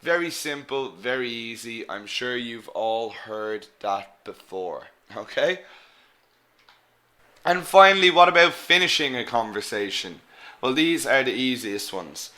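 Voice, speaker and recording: Bright-voiced male English teacher. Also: mid-range voice, expressive. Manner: coaching, repeats example phrases slowly. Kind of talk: online lesson.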